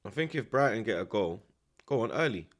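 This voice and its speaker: A man's voice: lowish voice, fairly quick. A young man, chatting casually in street slang and reacting live to a football match. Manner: animated, street slang, frequent tag questions. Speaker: streamer.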